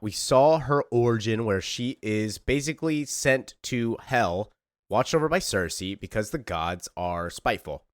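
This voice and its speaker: A man casually recapping and reading a comic, excitable and emotional. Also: lowish voice, no echo, clean studio sound. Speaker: comic book reader and youtuber.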